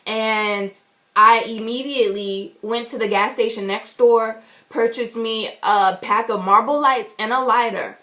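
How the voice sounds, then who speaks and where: A woman vlogger telling an animated, indignant story to the camera. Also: fairly high pitch, a little slow. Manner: animated, indignant, acts out quotes loudly. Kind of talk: storytime vlog.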